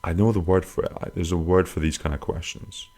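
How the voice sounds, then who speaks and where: Deep-voiced man rambling crudely. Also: fairly even intonation, brisk, dark tone. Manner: rambling, crude, self-mocking humor with sudden high-pitched jokey swings. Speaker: podcast host answering listener questions. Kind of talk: casual comic podcast monologue.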